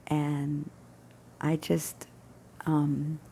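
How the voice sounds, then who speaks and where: A woman's voice: sits low, completely flat delivery, drawn-out words, mellow, a little hiss or hum. A woman casually telling a personal story, rambling and correcting herself as she goes. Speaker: storyteller sharing personal stories.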